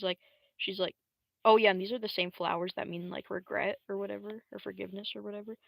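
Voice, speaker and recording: A young adult woman livestreaming in casual, slangy, rambling talk, swearing freely and jumping into squeaky high voices to quote characters. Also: gravelly, a bit bright, no echo, low-quality recording. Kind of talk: casual live-stream commentary.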